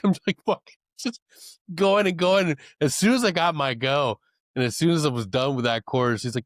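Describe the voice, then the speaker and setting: A man's voice: a little high, animated, moderate pace, dry recording, studio quality. A man co-hosting a podcast, telling profane stories and laughing often in casual chat. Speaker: podcast co-host.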